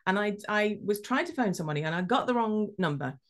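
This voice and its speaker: A woman hosting a podcast, telling a story in a lively, self-mocking way. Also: medium pitch, quick pace. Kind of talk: casual chat.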